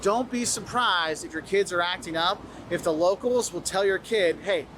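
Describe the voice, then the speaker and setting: A man's voice: high voice, normal speed, a bit bright, a little hiss or hum. A man giving friendly, instructive travel advice to camera, sometimes acting out what locals say. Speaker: travel video host. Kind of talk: advice video, spoken to camera.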